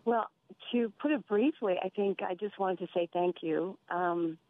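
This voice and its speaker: A woman's voice: medium pitch, dry recording. Earnest woman calling in over a phone line. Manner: earnest, halting. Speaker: caller. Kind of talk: phone-in testimony.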